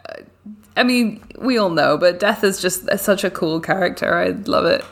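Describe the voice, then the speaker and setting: A woman's voice: fairly low pitch, normal speed, creaky. A woman co-hosting a podcast, chatting casually and enthusiastically about a book, with lots of filler words. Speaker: podcast co-host. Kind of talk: casual book club chat.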